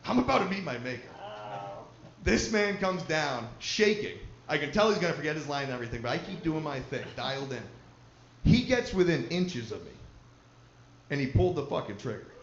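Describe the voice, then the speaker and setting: A man's voice: fairly high pitch, dull audio, slight background noise. Profane storytelling stand-up man, roomy hall. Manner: profane, storytelling, chatty with the crowd. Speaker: stand-up comedian. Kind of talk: stand-up comedy set. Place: live comedy venue.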